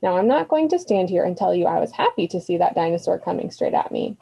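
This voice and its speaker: Brisk older woman mentor, read aloud by a woman, mellow and a bit breathy, lo-fi. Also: lowish voice, very animated, full character voice. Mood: storytelling. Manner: brisk, commanding.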